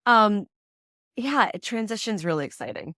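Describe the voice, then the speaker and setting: A woman guest in a casual interview, chatty and quick to laugh, often acting out the voices of people she quotes. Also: mid-range voice, expressive, bright, forceful tone, no room sound, clean studio sound. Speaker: prenatal yoga teacher and doula, guest.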